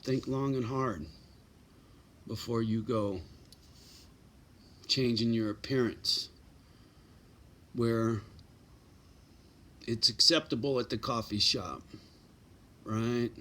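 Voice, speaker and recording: A man's voice: medium pitch, slow, long pauses, fairly bright tone. A middle-aged man giving blunt, profane advice in a casual straight-talking monologue, often tagging lines with "right?" and "you know".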